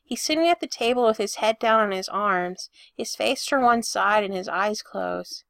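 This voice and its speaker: A woman reading fiction aloud as narrator in an even, intimate storytelling manner. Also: medium pitch, normal speed, creaky, no room sound, clean studio sound.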